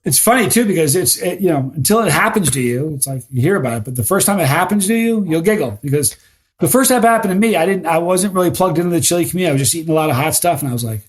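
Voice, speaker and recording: A middle-aged man sits in as a podcast guest, talking through his stories in a lively, animated way. His voice sits on the high side for a man. He often trips over his own words and repeats them as he hurries on. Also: racing. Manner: animated storyteller, repeats words when excited. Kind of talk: casual podcast chat.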